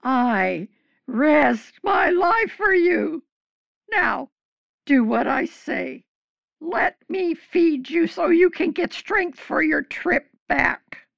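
A shrill frightened village medium. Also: female voice, lively intonation, slow, gravelly, dry recording, muffled recording, exaggerated voice. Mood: commanding. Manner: shrill, fearful and pleading. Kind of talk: audio drama acting.

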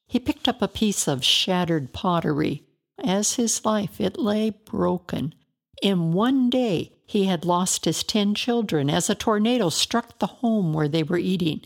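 A woman narrates a story in a slow, measured, deliberate reading. Her voice has a gravelly fry to it, and she takes her time over every phrase. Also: medium pitch, lively intonation.

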